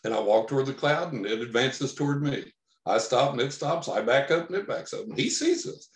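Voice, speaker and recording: A man from Texas telling a long personal story as a podcast guest, animated, acting out the lines he quotes. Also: medium pitch, a little fast. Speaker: podcast guest, psychic investigator. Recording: roomy echo.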